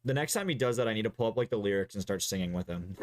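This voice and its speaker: A man's voice: on the low side, lively intonation, rapid-fire, a little hiss or hum. A young man streaming and co-hosting a casual gaming chat, rambling with many fillers and swear words. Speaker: streamer and co-host.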